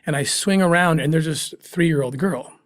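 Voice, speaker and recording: An earnest middle-aged man recounts a story as an interview guest, his voice pitched a little high. He halts now and then as emotion catches him, and the sound is close and dry. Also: normal speed, dry recording. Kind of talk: emotional first-person storytelling.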